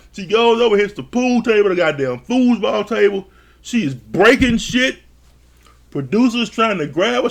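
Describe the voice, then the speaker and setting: A man recapping a reality show episode in a casual, animated way, swearing often and acting out quotes. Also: high-pitched. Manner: animated, swears a lot, quotes people in jumpy voices.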